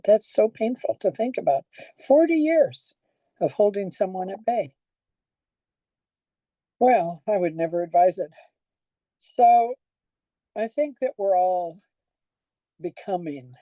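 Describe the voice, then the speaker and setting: A woman's voice: on the low side, takes it slowly, long pauses, dark tone, no echo, low-quality recording. An older woman pastor giving a conversational sermon, telling stories and asking the congregation questions.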